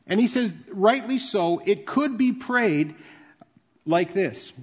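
A male pastor with a fairly high, slightly rough voice delivers a conversational, explanatory sermon, taking it slowly with lively intonation. A long reverb from a large church hall follows his words, and the recording sounds dull and muffled.

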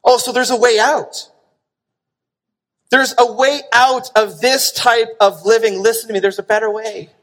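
A man preaching a sermon as pastor, animated and emphatic, pressing points with rhetorical questions. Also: very high-pitched, unhurried. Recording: long reverb of a large hall.

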